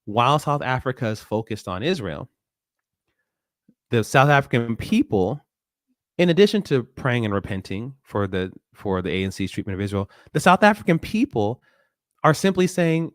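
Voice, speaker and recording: A man hosts a weekly live forum, talking loosely and with energy. His voice sits at an ordinary middle pitch and sounds close and dry, with no room around it. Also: normal speed, no echo. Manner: animated, quotes others in raised voice. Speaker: forum host. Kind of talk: live commentary talk.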